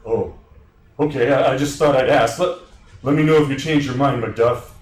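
An eager, chatty young male coworker, as a man puts him on keeps trying to make friends. His voice is mid-pitched and carries through a roomy theater. It is heard from a distance. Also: normal speed, close to an everyday voice.

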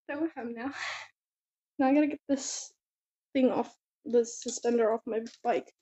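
A teenage girl vlogging outdoors at home, chatting in a rambling, giggly, excitable way into a handheld phone. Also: fairly high pitch, a little slow, slightly rough. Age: teens. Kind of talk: casual chatty vlog. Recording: dull, muffled phone audio.

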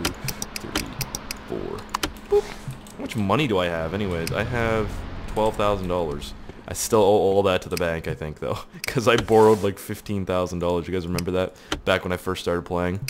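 A young man with a Canadian accent, low-voiced and freshly out of bed, talks his viewers through a game in a loose, profane, excitable way. A clear hiss of noise sits under his voice throughout the recording. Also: normal speed. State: just woke up. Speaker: gaming video host. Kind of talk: casual gameplay commentary.

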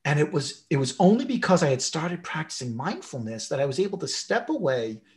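A male podcast host who tells personal anecdotes with animated energy, his voice jumping up whenever he acts out his own thoughts. Between the stories he puts questions to his guest in a relaxed, conversational way. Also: brisk. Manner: animated storyteller, pitch jumps when acting out his own thoughts. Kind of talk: conversational interview, personal storytelling.

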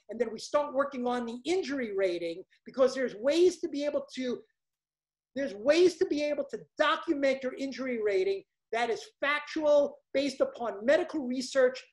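A woman with a Brooklyn accent giving an emphatic, hyped-up seminar sales pitch as a coach.

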